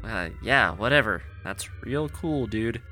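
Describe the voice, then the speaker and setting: A man narrating a horror story in a measured, deadpan way. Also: fairly low pitch, soft background music. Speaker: narrator and player.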